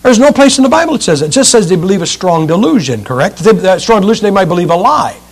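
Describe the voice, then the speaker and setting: A male preacher with a high-pitched voice delivers a lively, joking sermon. He keeps turning to his listeners with rhetorical questions, and his pitch leaps up and down as he drives each point home. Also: fast talker, slightly rough.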